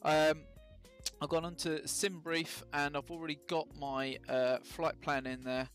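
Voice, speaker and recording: A man's voice: fairly high pitch, little pitch movement, a little slow, a bit bright, soft background music. A man casually talking through his flight sim setup on a live stream, chatty and full of ums and self-mocking jokes.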